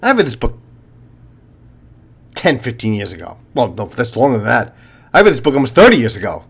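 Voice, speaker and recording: A man's voice: medium pitch, very animated, brisk, creaky, husky. A retired police officer in his fifties, a channel host talking to viewers in a blunt, profane, lecturing monologue.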